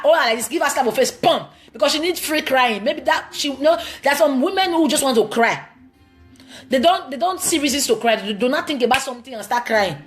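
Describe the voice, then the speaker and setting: Blunt Nigerian woman giving relationship advice. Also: high voice. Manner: blunt, emphatic and preachy, with broken phrasing. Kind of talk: live-stream Q&A, answering viewer comments.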